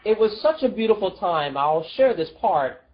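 A preacher delivering an emotional, pleading sermon full of rhetorical questions, dropping low and soft at tender moments. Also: big pitch swings, moderate pace, muffled recording.

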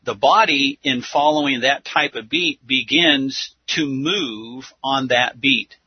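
A man teaches methodically in a slow, unhurried delivery and counts out his points step by step. His voice is husky, and the dry, dull lo-fi recording has no room echo. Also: mid-range voice. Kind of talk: religious teaching talk. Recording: dull lo-fi sound.

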